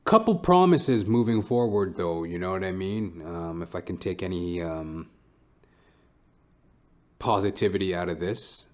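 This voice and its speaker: Rambling, low-voiced man on a podcast. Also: animated, a little slow, a little mellow. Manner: rambling, profane, reflective. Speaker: podcast host. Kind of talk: casual solo podcast monologue.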